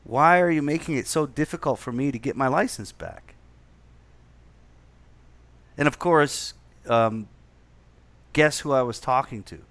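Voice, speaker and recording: Man from Canada, middle pitch, casual chat, frequent restarts, swearing. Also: expressive, measured pace, pauses often, a bit bright, dry recording. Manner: rambling, profane, many restarts.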